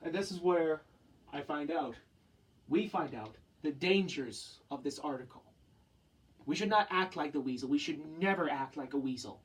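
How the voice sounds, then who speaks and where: Young man, student presentation, impassioned, rhetorical questions, slightly high voice, somewhat off-mic. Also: lively intonation, normal speed, recorded from a distance, poor audio. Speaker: student giving a talk. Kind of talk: earnest spoken presentation.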